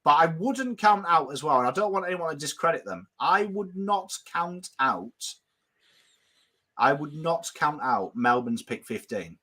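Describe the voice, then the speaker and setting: A man hosts a loose football talk show with a bright, forceful voice. He talks in quick, animated bursts and swears casually as he goes. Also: fairly high pitch, husky. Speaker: podcast host. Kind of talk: casual footy chat.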